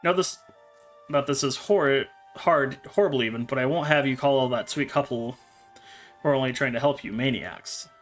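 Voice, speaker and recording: A man's voice: medium pitch, moderate pace, a bit bright, soft background music, close to an everyday voice. A man reading the lines of a shy, protective teenage girl in a storybook. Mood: earnest. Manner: apologetic, then firm.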